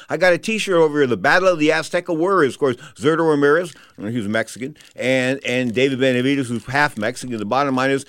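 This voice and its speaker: A man's voice: on the high side, fairly bright tone, no echo, clean studio sound. An older man hosting a boxing show, rambling and fiery, often stumbling over names and repeating himself. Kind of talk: casual opinionated commentary.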